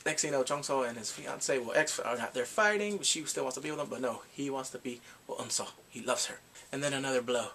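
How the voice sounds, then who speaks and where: A young man casually recapping a drama in an animated, dramatic way, full of exclamations. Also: medium pitch, quick pace, slight background noise. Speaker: drama reviewer.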